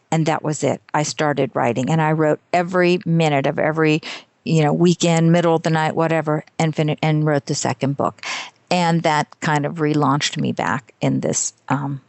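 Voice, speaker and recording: A woman's voice: lowish voice, a little mellow, dry recording. A woman in her fifties, a guest author telling her story in a casual interview with a candid, self-deprecating manner.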